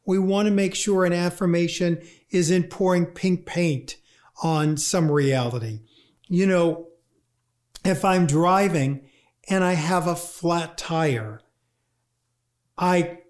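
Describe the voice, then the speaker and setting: A grief lecturer giving a talk, speaking conversationally and acting out inner voices in quick asides. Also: mid-range voice, darkish tone. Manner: conversational, with fillers. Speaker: grief lecturer and workshop leader. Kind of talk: talk on grief and positive thinking.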